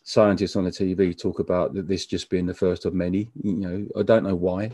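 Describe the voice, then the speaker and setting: A man being interviewed as a musician, talking casually in a halting way with frequent stammered restarts. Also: low-pitched, flat delivery, warm tone, dry recording, studio quality. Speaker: musician guest.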